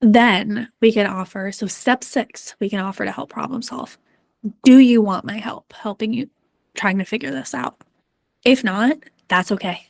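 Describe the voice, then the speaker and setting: A woman mental performance coach giving a presentation to parents and coaches, earnest and gently encouraging with frequent ums. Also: a little high, moderate pace, gravelly, no room sound.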